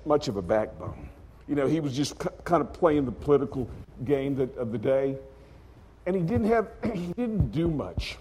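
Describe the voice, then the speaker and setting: A male preacher tells a dramatic story from the pulpit, his husky voice swinging widely between hushed lines and sudden loud outbursts as he acts out the characters. The sound carries a long reverb, as in a large hall. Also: mid-range voice.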